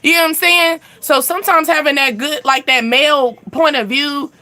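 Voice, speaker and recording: A woman's voice: high voice, fairly even intonation, moderate pace, bright, forceful tone. A young woman hosting a casual live stream, speaking candidly and laughing often as she answers viewers' questions.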